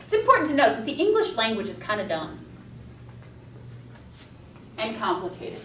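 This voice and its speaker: A woman speech teacher lecturing a class, enthusiastic and quick with examples, speaking through a mask. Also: a little high, wildly swooping pitch, a little hiss or hum. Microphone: masked, recorded from across a classroom. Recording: echoey classroom from far off.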